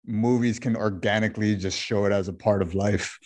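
Podcast co-host, man, lowish voice, casual rambling movie talk, lots of "like" and restarts. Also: fairly even intonation, fairly quick. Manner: rambling, many fillers and restarts. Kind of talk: casual movie review chat.

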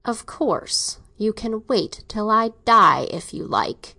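A woman reading an audiobook, voicing a middle-aged doctor father who is domineering and speaks in a measured, dry, ironic way. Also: fairly high pitch, lively intonation, creaky, sharp tone, full character voice. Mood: cold.

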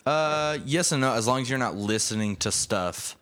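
A man co-hosting a podcast in casual chat, explaining audio settings in a relaxed, technical way while recording indoors at a mixer. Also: medium pitch, normal speed, smooth, dry recording. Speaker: podcast co-host. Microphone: podcast mic with headphones.

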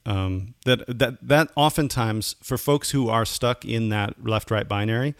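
A man's voice: medium pitch, a little slow, vocal fry, no room sound, studio quality. A man co-hosting a podcast, a pastor chatting casually, rambling with many restarts.

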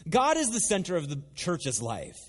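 A man preaching a sermon in a lively, conversational way with playful asides. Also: high voice, normal speed, breathy edge. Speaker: pastor. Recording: long hall reverb.

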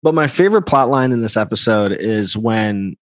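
A man's voice: lowish voice, lively intonation, normal speed, dry recording. A man co-hosting a casual podcast chat, teasing the others and giggling. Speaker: podcast co-host.

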